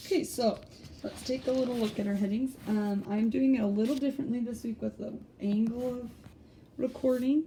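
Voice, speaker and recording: A woman teacher talks her students through a spelling sort. Her voice is mellow and easygoing, and she slows down to sound out each word with care. A faint hum sits under the recording. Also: mid-range voice. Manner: patient, explaining slowly and sounding out words.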